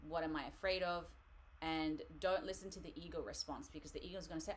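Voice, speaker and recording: Her voice sits low and moves quickly with few pauses, over a little hiss or hum. She's running a live tarot reading in a chatty, rambling way, laughing frequently.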